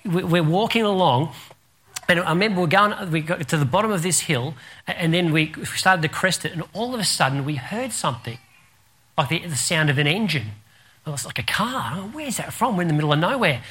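A man with an Australian accent preaching a sermon, telling a lively story and laughing as he goes. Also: a little high, fairly quick, husky. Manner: animated storyteller, laughs through anecdotes. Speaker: pastor.

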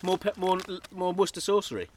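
A man with a high, lively voice trades playful banter on a comedy podcast. He jokes, swears and riffs freely. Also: fast talker, slight background noise. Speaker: podcast co-host. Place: outdoors in a forest.

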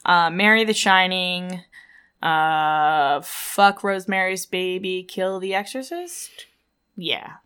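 A woman co-hosting a casual podcast chat, teasing and quick to laugh. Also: fairly low pitch, sharp tone, smooth. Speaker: podcast co-host.

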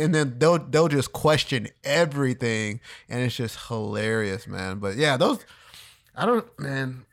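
A man co-hosting a podcast in casual chat, relaxed, laughing often and saying dude a lot. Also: medium pitch, measured pace. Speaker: podcast co-host.

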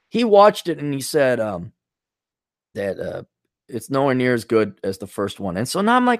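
A man's voice: mid-range voice, huge pitch swings, moderate pace, gravelly, dry recording, clean studio sound. Profane, blunt man ranting on a podcast. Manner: loose, digressive, with frequent restarts. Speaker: podcast host. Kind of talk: solo podcast rant.

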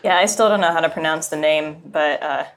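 A woman on a podcast panel chatting casually, lively and teasing. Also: deep voice, fairly quick.

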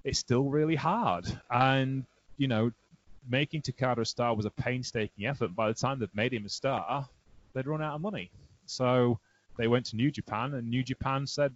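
A man hosting a casual wrestling podcast, chatty and animated, laughing often as he tells stories. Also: mid-range voice, normal speed, husky, dry recording. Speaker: podcast host. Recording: dry, dull lo-fi sound.

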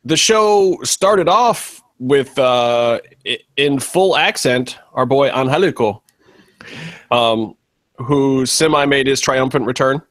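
A man co-hosting a podcast, rambling through casual chat and laughing easily. His voice sits at a middle pitch. It is recorded close and dry. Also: slow pace, fairly bright tone, no room sound. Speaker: podcast co-host.

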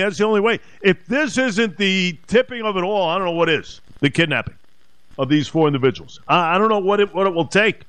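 A man hosting talk radio in a fairly high voice, pressing his points with emphatic, indignant repetition. The sound is close and dry, with no room around it. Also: fairly bright tone, dry recording. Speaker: radio talk show host.

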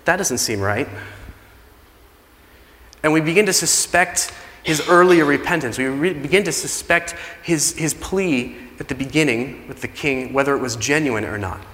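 A man's voice: fairly high pitch, a bit bright. Man preaching in a reverberant hall. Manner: conversational preaching, acts out quoted pleas. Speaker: pastor. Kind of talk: sermon. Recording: long reverb of a large hall.

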